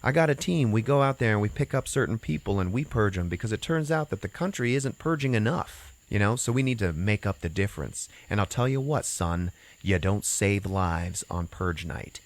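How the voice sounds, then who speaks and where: A man's voice: fairly low pitch, lively intonation, moderate pace, hardly any pauses. A man voicing a gloating male mercenary security boss in a casual movie retelling, with a smug, lecturing manner.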